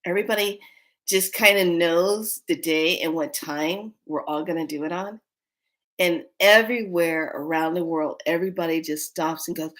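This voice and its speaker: A woman vlogger telling a story in a casual way, animated and often breaking into laughter. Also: fairly low pitch, normal speed.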